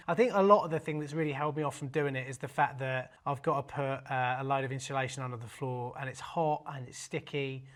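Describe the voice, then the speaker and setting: A man's voice: fairly high pitch, a bit bright. A man, hosting a casual video in a cheeky, jokey manner. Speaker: host. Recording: faint music underneath.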